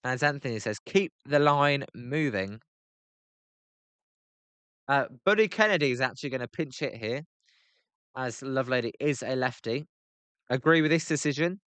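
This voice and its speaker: British male streamer, casual play-by-play, smooth clear voice, dry close sound, gripes and chats with viewers. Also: medium pitch, animated, brisk, fairly bright tone, no room sound. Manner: chatty, answers chat by name, grumbling. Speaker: live-stream host. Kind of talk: casual live play-by-play reaction.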